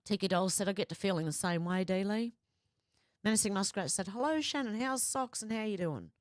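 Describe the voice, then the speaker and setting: A woman's voice: medium pitch, lively intonation, fairly quick, no room sound, clean studio sound. An Australian woman hosting a livestream in a casual, chatty way, reading viewer comments aloud and reacting to them. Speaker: livestream host reading chat. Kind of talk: casual chat.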